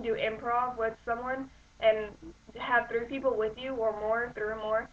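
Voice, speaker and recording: A woman's voice: on the high side, phone-quality sound, slight background noise. A woman giving acting tips to camera in a loose, rambling way, with many "like"s and "um"s. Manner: rambling, full of "like" and "um". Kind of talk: casual tutorial talk to camera.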